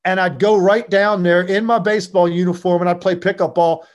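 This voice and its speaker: The recording is muffled, and the man's high-pitched voice moves briskly. He's an ex-basketball player from Virginia, spinning animated stories in a laid-back interview full of fillers.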